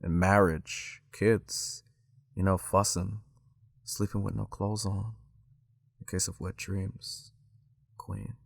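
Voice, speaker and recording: A man doing a hushed, crooning romantic guru. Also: low voice, flat delivery, takes it slowly, gravelly, pauses often, no room sound, clean studio sound, voice pushed down, full character voice. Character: soft-spoken smooth romantic male relationship guru.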